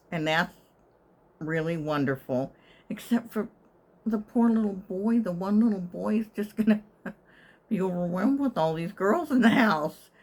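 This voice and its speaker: A woman's voice: on the low side, darkish tone. An older woman living in assisted living, telling a wry, chatty story to her channel and sometimes whispering her inner thoughts. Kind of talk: casual storytelling to camera.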